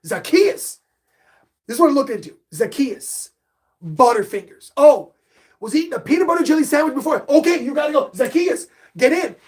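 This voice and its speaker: Hosting a sports podcast live, this middle-aged man reads viewers' chat questions out loud and gets himself animated and hyped. He speaks at a moderate pace in a very high voice.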